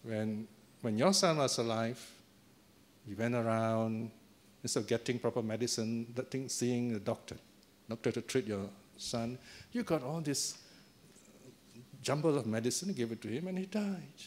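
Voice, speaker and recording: A man's voice: medium pitch, normal speed, close to an everyday voice. A man voicing a teenage son reborn as a heavenly being, talking to his father in a reproachful, mocking way.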